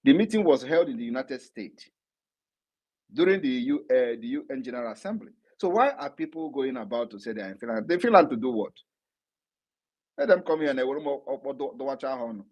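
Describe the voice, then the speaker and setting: A man's voice: mid-range voice, lively intonation, fairly quick, a little mellow, low-quality recording. Assertive man on live Q&A. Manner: assertive, emphatic, repeats points. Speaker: political leader answering questions. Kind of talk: live audio Q&A broadcast.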